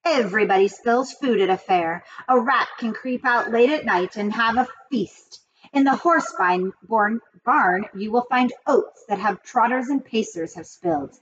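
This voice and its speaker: A woman's voice: on the high side, a little slow, highs cut off, a little hiss or hum, natural voice. A woman voicing a wise old female sheep who lists things with relish. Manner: relishing, listing with gusto.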